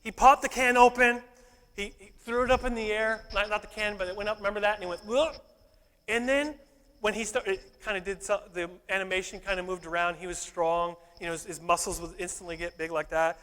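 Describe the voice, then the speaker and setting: A man's voice: sits high, fairly even intonation, fairly quick, sharp tone, clean tone. A male pastor preaching a sermon in a church, playful and joking one moment, fervent the next. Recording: echoey hall reverb.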